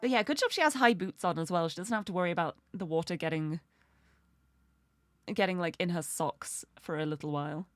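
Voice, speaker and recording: A woman's voice: on the low side, fairly quick, faint music behind. A bubbly, giggly woman chatting casually while she plays a video game live. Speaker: streamer.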